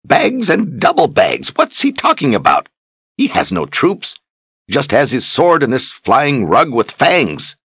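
A man voicing an excitable, thin old male wizard who blusters and interrupts in a storybook reading. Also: on the low side, normal speed, creaky, slightly rough, no room sound, voice pushed up, heavily acted. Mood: indignant. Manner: agitated, blustering outbursts.

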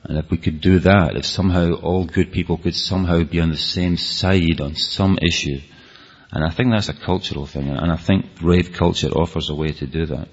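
Scottish man, low husky voice, earnest rambling public talk, dull lo-fi hall sound. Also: fairly even intonation, normal speed. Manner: earnest, rambling, with frequent restarts. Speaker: speaker.

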